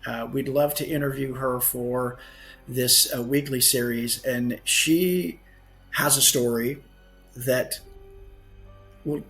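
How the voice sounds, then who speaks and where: A man's voice: medium pitch, fairly even intonation, slow, long pauses, a bit bright, faint music behind. A man, a guest author on a podcast, telling a story earnestly and often correcting himself mid-sentence. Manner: earnest anecdote telling with frequent self-corrections.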